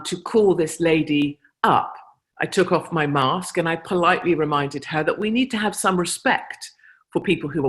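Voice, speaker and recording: British woman giving a convention speech, chatty and anecdotal, leans hard on her points. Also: lowish voice. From Britain. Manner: chatty anecdotal storytelling, emphatic. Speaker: convention speaker. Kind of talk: speech to a live audience.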